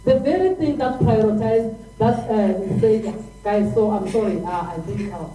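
A South African woman speaks with fervor at a crowded press briefing, circling back over her words as she presses her point. Her voice is dark and mellow. It carries through an echoey, hot room from some distance off the mic, with a faint hum underneath. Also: medium pitch, normal speed, soft background music. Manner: emphatic, repeats and restarts when worked up. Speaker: press conference speaker for civil organizations.

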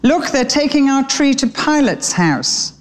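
Woman doing a high, anxious young sparrow boy. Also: sing-song, measured pace. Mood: eager.

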